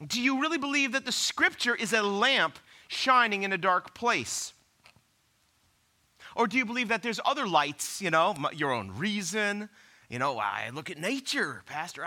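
A man preaching a sermon, conversational and animated, firing off rhetorical questions at the congregation. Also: sits high. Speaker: pastor.

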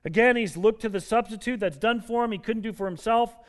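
High-voiced man preaching a sermon. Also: a little fast. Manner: earnest, emphatic preaching that swells and drops. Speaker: pastor.

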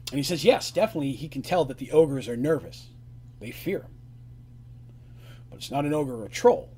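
Husky male game master, relaxed and rambling, narrates a fantasy game on stream. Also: a little high, brisk.

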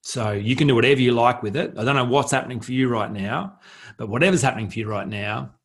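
A man's voice: medium pitch, fast, husky. A man hosting a solo self-help podcast, talking earnestly and reflectively, repeating key phrases for emphasis. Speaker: podcast host.

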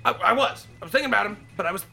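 High, gravelly-voiced excitable man. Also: very fast, faint music behind. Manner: excitable, bursts into shouting. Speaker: comedy podcast co-host. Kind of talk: improvised comedy banter.

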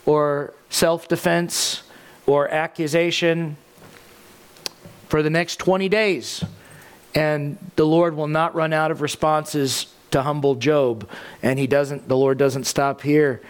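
A male pastor gives a sermon with a conversational, unhurried delivery, stopping for asides and small fillers. His voice sits a little higher than most men's. It sounds smooth and resonant.

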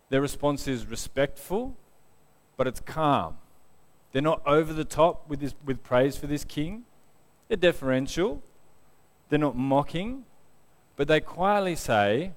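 A man preaching a sermon, retelling a Bible story in lively modern words and mocking the characters he describes. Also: a little high, unhurried, big-room sound. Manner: expressive storyteller who mocks the characters in his retelling.

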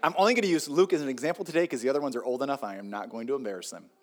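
A man's voice: mid-range voice, racing. A middle-aged male pastor preaching a sermon in a conversational, joking way, repeating key points for emphasis.

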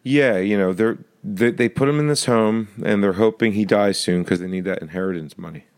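A man's voice: fairly low pitch, a little fast, a little mellow. A man co-hosting a podcast, joking casually about a movie and slipping into silly voices now and then. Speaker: podcast co-host.

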